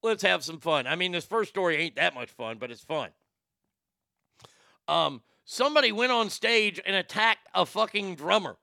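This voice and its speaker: Gravelly, bright-voiced male talk host. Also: sits high, expressive, normal speed, dry recording, clean studio sound. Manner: blunt, swears freely, rambling. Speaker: show host. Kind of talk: casual talk show.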